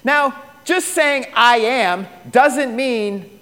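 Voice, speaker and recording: High-voiced pastor preaching in a hall. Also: male voice, expressive, normal speed. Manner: storytelling, swings from loud to hushed. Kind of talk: sermon.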